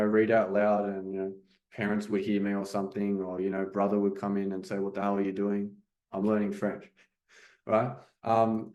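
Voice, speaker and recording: A man's voice: fairly low pitch, darkish tone, roomy sound. A man who works as a French coach, talking casually to viewers about how to learn the language and often dropping in "okay" and "you know". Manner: conversational, frequent fillers like "okay" and "you know".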